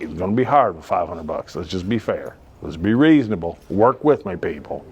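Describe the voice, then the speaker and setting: A middle-aged man pitches his own car lot in an off-the-cuff, joke-filled ad. He rambles, chases tangents with asides, then steers himself back to the sales pitch. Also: lively intonation, fairly quick, hardly any pauses, breathy edge, highs cut off. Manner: rambling, jokey, drifts off topic with asides. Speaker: car dealership owner.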